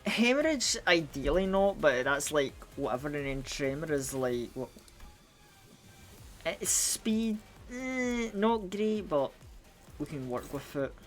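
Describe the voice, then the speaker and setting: A man's voice: on the high side, sing-song, slow pace, a bit bright, soft background music. A man streaming a game, chatting casually and rambling with lots of restarts while groggy from a cold. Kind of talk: casual live gaming stream chat.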